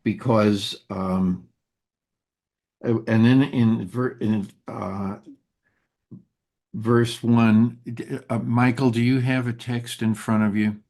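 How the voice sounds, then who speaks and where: A man leading a group Torah study who is slowly losing his voice, talking in a halting way with many fillers and restarts. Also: mid-range voice, steady tone, darkish tone. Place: synagogue study room.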